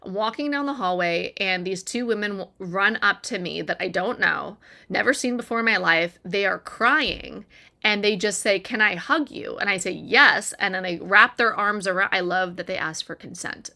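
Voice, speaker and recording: Woman storyteller, bright, earnest, chatty; vlog confessional delivery. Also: mid-range voice, gravelly. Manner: earnest, conversational, frequent "like" and "right?". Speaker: recovery content creator. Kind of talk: personal storytelling to camera.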